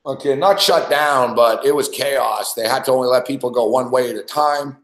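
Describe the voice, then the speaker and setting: A man's voice: medium pitch, normal speed. A man hosting a sports betting show, telling a rambling story in a casual and profane way, full of restarts. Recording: roomy echo.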